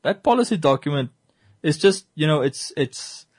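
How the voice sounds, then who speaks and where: Man, casual discussion, animated, joking, rhetorical, slightly high pitch. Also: normal speed, slightly rough, no room sound.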